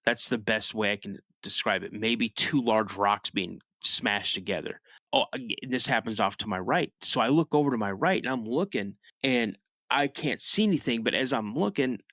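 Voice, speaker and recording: A man tells a story as a podcast guest, in a relaxed, chatty way and at a middling pitch. He pushes his voice up high and loud to act out moments of panic. The sound is close and dry, with no room echo. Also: moderate pace. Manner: animated storyteller, rises sharply when acting out his younger self shouting; frequent restarts and "you know" asides. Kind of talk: casual first-person storytelling.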